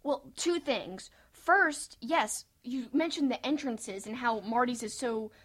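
A woman's voice: fairly high pitch, slow pace, a bit bright. A woman co-hosting a podcast, chatting casually and enthusiastically, with lots of fillers. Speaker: podcast co-host. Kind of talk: casual wrestling podcast chat.

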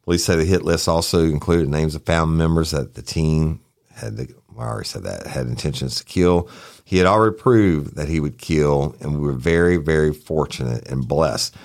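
Very deep, gravelly-voiced man reading news. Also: fairly quick, a little mellow. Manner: reads news aloud, trails off, says y'all. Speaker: podcast co-host. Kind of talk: casual crime news chat, reading headlines.

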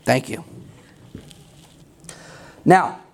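A middle-aged male pastor preaching an emphatic, conversational sermon with self-deprecating humor. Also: very slow.

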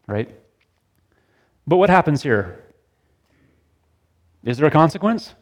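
A man's voice: mid-range voice, gravelly. A middle-aged man leading a sermon discussion, talking casually and often checking in with "right?" as he asks the group questions. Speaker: pastor. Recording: long hall reverb.

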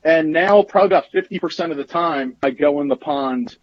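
A man's voice: on the high side, a little fast, dull audio. A man from the Philadelphia area with a Philly accent, calling into a show with a rambling, self-deprecating story. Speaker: caller.

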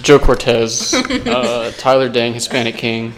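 A man's voice: medium pitch, big pitch swings, a little slow, a bit bright. A man co-hosting a casual podcast, laid-back and joking, calling his friends "bro". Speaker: podcast co-host. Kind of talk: casual chat.

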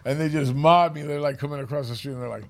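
A man, telling a rough street story in casual, profane podcast chat. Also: on the high side, fast.

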